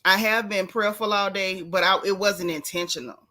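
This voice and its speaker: A woman's voice: mid-range voice, steady tone, normal speed, bright, forceful tone. A woman hosting a casual live stream, chatting and greeting viewers by name with down-home slang.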